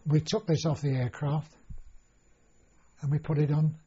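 A man's voice: a little high, flat delivery, a little slow, warm tone, slightly rough. An older man recalling his past in an oral history interview, rambling with many restarts and fillers. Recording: dull lo-fi recording.

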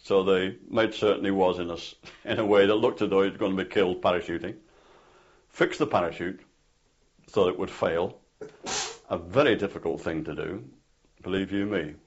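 Older man with a low voice. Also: normal speed, breathy edge. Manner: rambling anecdotal storytelling with many fillers. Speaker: interviewee, former parachute instructor. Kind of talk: oral history interview. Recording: dull lo-fi tape recording.

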